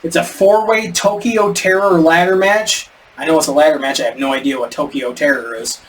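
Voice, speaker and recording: A man's voice: on the high side, fairly even intonation, brisk. A man co-hosting a podcast in casual chat, rambling and stumbling over names. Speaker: podcast co-host. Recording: distant mic with faint background noise.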